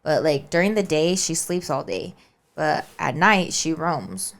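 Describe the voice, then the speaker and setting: Woman, podcast co-host, low voice, chatty storytelling, lots of "like" and "right?". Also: animated, measured pace, gravelly. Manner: chatty, keeps saying "right?" and "like". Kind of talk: casual storytelling.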